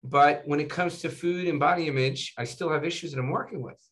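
Brisk and fairly high-pitched, a male doctor guesting in an easygoing interview relates his stories animatedly. "Right?" and "you know" punctuate much of what he says.

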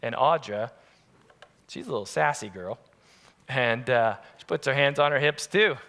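A man preaching a sermon as pastor, telling family stories in an animated, lively way. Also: medium pitch, moderate pace. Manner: animated, acts out family scenes. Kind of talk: storytelling sermon. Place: church sanctuary. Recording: long church-hall reverb.

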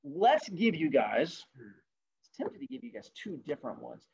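A man hosting a podcast, telling a fable in a casual, jokey, animated way. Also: fairly high pitch, moderate pace, creaky, lo-fi sound, slight background noise. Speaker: podcast host. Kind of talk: casual storytelling.

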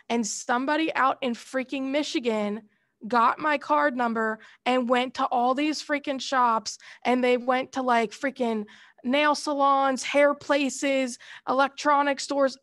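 A woman's voice: high-pitched, a bit bright, no echo, studio quality. A woman college instructor lecturing her class and breaking into a heated, casual personal story with mild slang.

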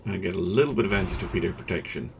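A man hosting a gaming channel, giving relaxed gameplay commentary and thinking aloud as he works through choices, with hesitant fillers. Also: low voice, rapid-fire, creaky, background noise.

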